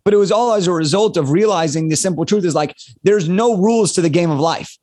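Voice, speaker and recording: A man in his late twenties, a guest telling an energetic story on a podcast and acting out the quotes. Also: high-pitched, quick pace. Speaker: guest, speaker and author.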